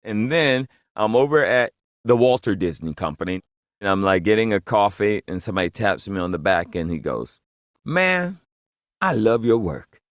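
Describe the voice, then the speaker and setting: A man's voice: low-pitched, fairly quick, dry recording, clean studio sound. A comedian telling a funny story about his own life, acting out the people in it. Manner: lively storytelling, acts out the people he quotes. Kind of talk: animated anecdote.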